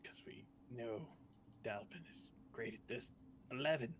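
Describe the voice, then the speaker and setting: A man playing in a tabletop game, eager and loud as he describes what his character does. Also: medium pitch, a little slow, husky. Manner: eager, gets loud and excited. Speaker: player.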